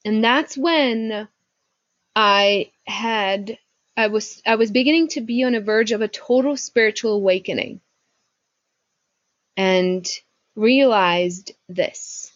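A woman business coach telling a story on a video call, lively, with many rhetorical questions. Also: mid-range voice, takes it slowly, pauses often, no room sound. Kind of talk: casual talk on a video call. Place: home porch. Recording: dull, muffled video-call audio.

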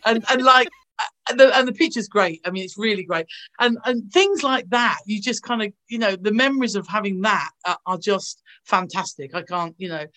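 Gushing actress telling stories. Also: female voice, mid-range voice, normal speed, bright, forceful tone. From England. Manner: gushing, anecdotal storytelling. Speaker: actress guest. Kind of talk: casual interview over video call. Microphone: video call.

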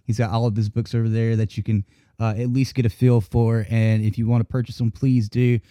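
A man's voice: mid-range voice, fairly quick, no room sound, studio quality. A man from North Carolina hosting a podcast, telling stories with lots of swearing. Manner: profane, animated storytelling. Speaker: podcast host. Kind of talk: casual chat.

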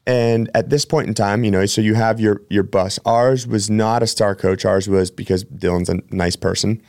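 A man with a lowish, darkish voice and fairly even intonation speaks at a moderate pace. He hosts a podcast as a personal trainer, casually telling rambling, chatty stories full of self-corrections. Dry, studio-quality recording.

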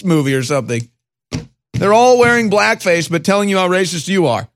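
A man's voice: on the high side, animated, brisk, a bit bright, no room sound. A man hosting a political talk show, sarcastic and scornful, often stammering into restarts. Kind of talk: casual political commentary.

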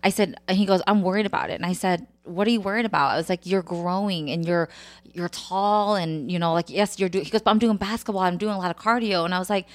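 A woman's voice: on the low side, fast. Woman co-host telling family stories. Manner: animated storyteller, often quoting others. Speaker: podcast co-host. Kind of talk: casual chat.

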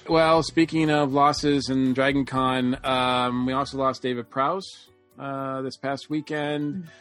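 A man co-hosting a podcast, speaking casually with many halting ums. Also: mid-range voice, steady tone, fairly bright tone, clear, resonant tone, soft background music. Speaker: podcast co-host. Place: Atlanta area.

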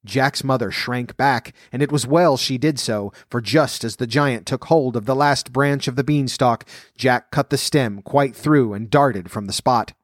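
A man reading a fairy tale aloud at a steady, measured pace. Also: mid-range voice, no room sound, studio quality. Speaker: storyteller.

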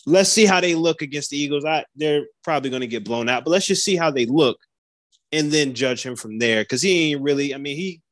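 A man's voice: fairly high pitch, a little fast, no echo. A man on a casual sports talk show, skeptical, speaking loosely with lots of "like" and restarts. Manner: skeptical, talks with many likes and restarts.

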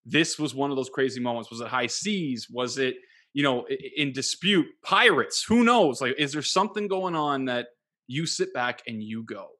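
A man's voice: medium pitch, animated, moderate pace, pushed and bright. A male podcast host with a mid-range voice asks his guest long, loose questions. He keeps things casual and laughs easily. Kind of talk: casual interview.

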